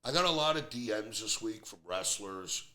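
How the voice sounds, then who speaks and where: A man's voice: fairly low pitch, animated, normal speed, sharp tone. A man in his fifties hosting a podcast, talking bluntly and airing strong opinions in a casual chat. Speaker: podcast host. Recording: roomy echo.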